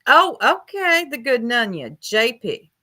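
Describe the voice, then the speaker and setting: A woman's voice: fairly high pitch, big pitch swings, slow pace, sharp tone. A woman giving casual livestream commentary while reading chat aloud, blunt and gossipy, with casual swearing.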